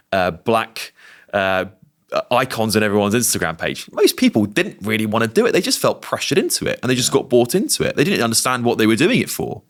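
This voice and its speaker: Brief: British male podcast guest, emphatic and animated, quick talker. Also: fairly low pitch. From Britain. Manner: emphatic, animated opinion-giving. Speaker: guest, TV presenter. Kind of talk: casual podcast conversation.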